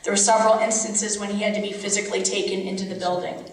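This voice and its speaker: A mother reads her prepared statement in a steady, grave voice at a public hearing. She stands away from the microphone, so her voice carries through a large, strongly echoing room. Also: mid-range voice, fast talker. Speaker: parent. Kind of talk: reading prepared testimony. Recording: echoey room from far off.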